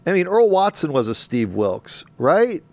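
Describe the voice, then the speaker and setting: A man's voice: a little high, measured pace, dry recording. A middle-aged man hosting a sports talk show, riffing casually with laughs and mocking voices. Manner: animated, laughing, mock voices for emphasis. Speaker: sports radio host.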